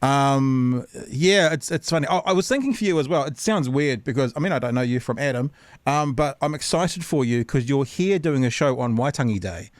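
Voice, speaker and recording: A man's voice: medium pitch, normal speed, dry recording. A man from New Zealand with a Kiwi accent hosting a casual interview, laid-back and jokey, dropping local slang. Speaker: host.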